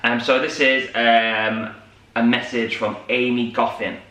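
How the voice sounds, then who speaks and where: Bright-voiced man chatting casually. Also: medium pitch, little pitch movement, a little slow. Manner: chatty storyteller, many fillers. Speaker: co-host. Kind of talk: casual morning chat. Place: home room. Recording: echoey room, mic at a distance.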